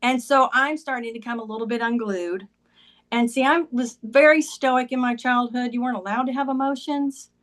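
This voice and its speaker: A woman's voice: on the high side, moderate pace, fairly bright tone. A woman talking as a podcast guest, telling a personal story in a conversational way and often saying "like" and "he goes".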